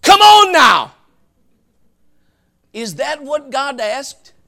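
A male pastor delivers a fervent sermon, breaking into shouts between folksy asides. His voice is unusually high, gravelly and bright, with a forceful edge. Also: very animated, drawn-out words.

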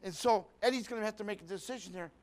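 A man's voice: high voice, very fast. A man preaching a sermon, telling a folksy story with lots of repetition and rhetorical questions.

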